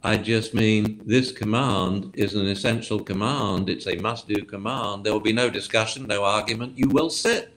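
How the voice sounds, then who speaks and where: A man, a dog trainer guest, explaining methods lively and acting out commands in different tones. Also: lowish voice, normal speed, hardly any pauses. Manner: lively, acts out commands with shifts of tone. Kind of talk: explanatory interview talk.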